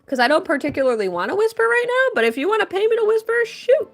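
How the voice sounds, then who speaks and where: A woman's voice: extremely high pitch, very animated, fast talker, soft background music. A young woman chatting playfully with viewers as she draws on a live stream, answering questions and teasing her chat. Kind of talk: casual live-stream chat while drawing.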